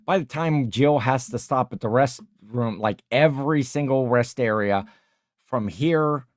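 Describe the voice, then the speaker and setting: Slow, rambling man hosting a live chat. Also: mid-range voice, dry recording, studio quality. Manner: rambling, searches for comments with many pauses. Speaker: livestream host. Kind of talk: casual live chat reading viewer comments.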